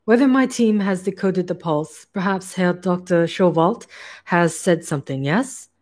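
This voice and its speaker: A woman voicing a small, frail male scientist in a put-on German accent; he is devout and earnest and speaks in a formal, halting, pleading way. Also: high voice, a little mellow.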